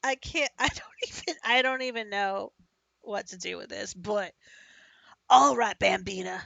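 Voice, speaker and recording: A woman's voice: mid-range voice, moderate pace, gravelly, sharp tone, no echo. A woman streaming a story game, giggling and joking as she reads and comments. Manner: giggly, playful, self-mocking. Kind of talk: let's-play commentary and reading aloud.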